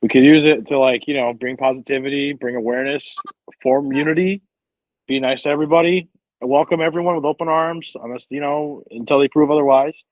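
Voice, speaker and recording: A man's voice: mid-range voice, fairly even intonation, a little fast, no echo, narrow, tinny audio. A man co-hosting a podcast, talking loosely and profanely about positivity and good people. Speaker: podcast co-host. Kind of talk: casual podcast chat.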